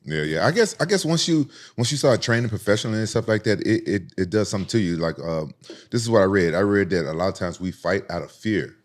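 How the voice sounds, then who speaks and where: A man from Memphis with a drawl talks quickly in a low register. He tells profane, animated street-fight stories as a podcast guest and jumps high in pitch to quote the people in them. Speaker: podcast guest, former UFC champion. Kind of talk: casual storytelling.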